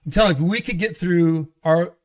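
With a higher-leaning voice and a brisk delivery, this pastor shares an open, personal testimony as a podcast guest. He wanders through the story casually, starting over at times and performing the lines people said.

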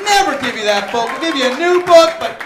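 A man acting out an exasperated God who shouts and scolds believers during stand-up. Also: very high-pitched, expressive, fairly quick, a crowd in the background, voice pushed up. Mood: scolding. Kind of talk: stand-up act-out. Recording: echoey club with audience noise.

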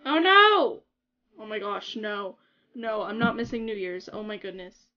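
A young woman chatting casually to her viewers while playing a game on a livestream, giggly and excitable. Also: mid-range voice, moderate pace, muffled recording. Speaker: gaming livestreamer. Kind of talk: casual livestream chat over gameplay.

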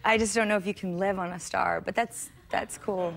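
A woman's voice: mid-range voice, steady tone, a little fast, vocal fry, very noisy. A woman guest on a talk show, flirting and telling stories with lots of giggles. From Sweden. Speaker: actress guest.

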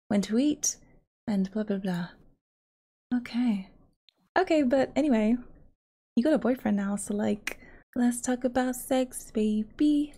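A young woman giving crude, excitable running commentary while she plays a life-simulation game. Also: a little high, gravelly. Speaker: gaming streamer. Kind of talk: casual let's-play commentary.

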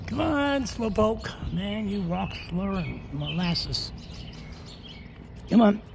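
A slow, unhurried owner coaxes a cat along in a sing-song voice with a gravelly edge. The talk is recorded on a phone outdoors in the cold. Faint outdoor noise sits behind the voice. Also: mid-range voice, sing-song. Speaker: cat owner filming a walk. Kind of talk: casual talk to a pet.

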